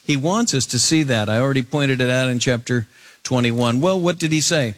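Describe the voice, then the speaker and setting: A man preaching an expository sermon, paraphrasing scripture in a conversational way, with high emphatic bursts and low drawn-out words. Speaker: pastor.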